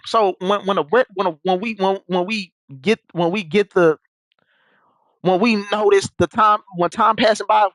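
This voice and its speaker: Young guy rambling a story, lots of restarts, a bit high pitched. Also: fairly bright tone, no echo, poor audio. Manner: rambling, repeats himself, slangy. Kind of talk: casual storytelling.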